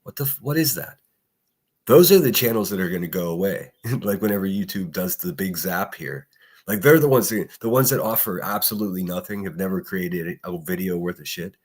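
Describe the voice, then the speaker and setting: Hosting a casual morning livestream, this Pittsburgh-area man rants bluntly with plenty of swearing, laughs often and reads the chat. His voice sits low and is animated, fairly quick and breathy at the edges.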